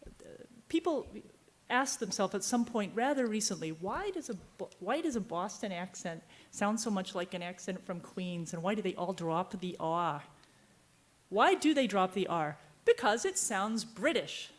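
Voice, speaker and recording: Speaking animatedly at medium pitch and a normal pace, the Virginia novelist rambles through a long, digressive tale during a book fair panel and trails off mid-sentence.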